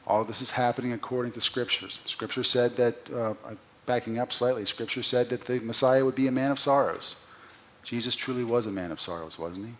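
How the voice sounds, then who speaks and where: A pastor preaches a brisk expository sermon, putting rhetorical questions to his listeners. His delivery swings between loud, emphatic peaks and quiet, low drops.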